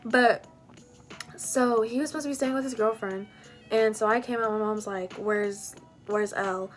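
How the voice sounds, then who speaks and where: Young woman, storytime vlog, rambling and casual, slightly high voice, faint music underneath. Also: fairly even intonation, normal speed. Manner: rambling, full of "like" and "you know".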